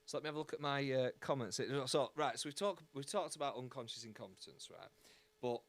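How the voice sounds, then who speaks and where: A man hosting a podcast, talking casually, repeating words as he starts sentences. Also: mid-range voice. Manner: halting, repeats words, acts out quoted people. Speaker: podcast host. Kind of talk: casual chat.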